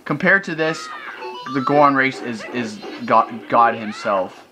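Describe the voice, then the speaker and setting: A man's voice: mid-range voice, measured pace. A young man narrating his gameplay, ranting in exasperation with frequent exclamations. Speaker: let's play gamer. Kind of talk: gameplay commentary. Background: video game music.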